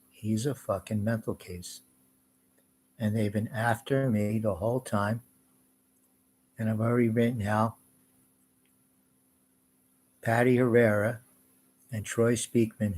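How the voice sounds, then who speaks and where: A man's voice: fairly low pitch, darkish tone. A man in an agitated, swearing, rambling rant. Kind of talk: angry profane rant.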